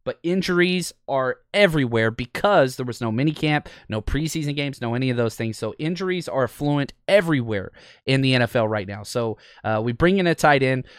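A man's voice: medium pitch, smooth, dry recording, studio quality. A man hosting a sports podcast, talking casually and with enthusiasm, with lots of ums and uhs. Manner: chatty, enthusiastic, frequent fillers. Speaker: podcast host.

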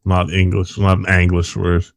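Deep-voiced man rambling over a dry mic. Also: completely flat delivery, moderate pace, vocal fry, dry recording. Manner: rambling, profane, laughs often. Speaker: podcast co-host. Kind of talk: casual chat about a film.

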